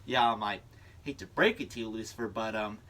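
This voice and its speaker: A young man playing a dry, sarcastic male ad man with a deadpan delivery. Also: on the low side, a little fast, natural voice. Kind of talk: speech-team comedy performance.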